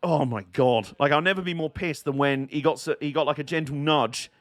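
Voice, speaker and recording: A young man casually commenting on motor racing during a livestream, chatty and excitable, laughing and swearing often. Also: fairly high pitch, brisk, dry recording. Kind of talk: casual watch-along commentary.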